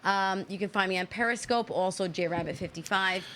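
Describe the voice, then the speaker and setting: Animated woman host telling stories. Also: medium pitch, brisk. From United States. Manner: animated, laughing storyteller. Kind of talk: casual storytelling chat.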